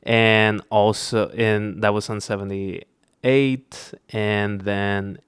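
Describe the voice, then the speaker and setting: Young man, podcast host, slow unhurried talk, smooth clear voice, rambling with fillers. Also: lowish voice, steady tone, a bit bright, no room sound, clean studio sound. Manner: rambling with many fillers and restarts. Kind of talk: casual chat.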